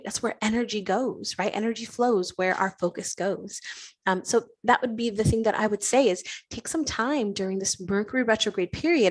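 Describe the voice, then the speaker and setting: A woman hosting an astrology show, talking reflectively and asking many rhetorical questions, often adding "right?" and slowing down to stretch key words. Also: mid-range voice. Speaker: astrology podcast host. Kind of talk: reflective spiritual talk.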